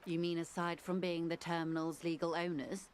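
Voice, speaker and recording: An actress voicing a composed, middle-aged corporate negotiator in a video game, speaking in a measured, formal, articulate way. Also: female voice, fairly low pitch, level tone, slight background noise, close to an everyday voice. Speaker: game character.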